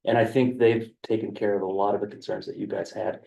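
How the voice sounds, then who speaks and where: A man's gravelly, dark voice picked up from a distance in a county meeting room. He explains a development proposal in a flat, level tone, hesitating over fillers as he goes. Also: lowish voice, fast talker, highs cut off, a little hiss or hum. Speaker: county planning staff presenter. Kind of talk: explaining a proposal in a work session.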